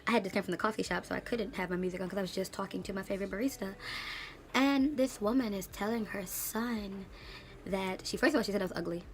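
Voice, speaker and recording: A woman in her late twenties, an English teacher, ranting in a casual vlog with sassy, animated storytelling and slang. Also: medium pitch, quick pace, a little hiss or hum. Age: late 20s.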